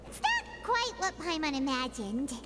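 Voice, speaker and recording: A woman's voice: high voice, wildly swooping pitch, a little slow, exaggerated voice. An actress voicing a small, chirpy fairy companion girl in a video game, chatty and eager. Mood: curious. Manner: eager, chatty, speaks of herself in third person. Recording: game audio under music. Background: game music.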